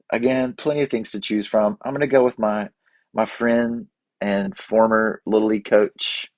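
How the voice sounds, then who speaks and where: A man shares stories in a rambling, folksy, self-deprecating way. His voice sits a bit low, and the recording is dry and close, with no room sound. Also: a little mellow, no echo. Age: 40s. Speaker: podcast host. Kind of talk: casual reflective monologue.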